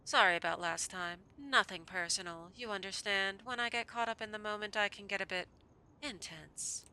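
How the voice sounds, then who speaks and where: A woman's voice: mid-range voice, moderate pace, pushed and bright. A woman voicing a flirty, taunting female vampire in a game, with a teasing drawl that turns Southern at times.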